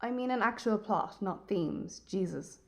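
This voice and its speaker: A woman voicing a sarcastic, impatient young female friend in an animated film. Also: medium pitch, unhurried, vocal fry. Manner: dry and sarcastic.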